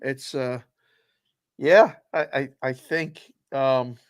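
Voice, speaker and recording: A man's voice: mid-range voice, slow pace, no room sound, studio quality. Wry, teasing man on a betting podcast. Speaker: co-host. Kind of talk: casual sports betting chat.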